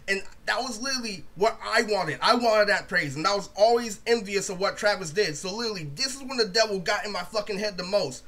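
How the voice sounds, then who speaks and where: A man's voice: sits high, brisk, few pauses, fairly bright tone. A young man ranting casually in a rambling, profane way, saying "literally" over and over. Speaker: video creator. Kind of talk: casual storytime rant.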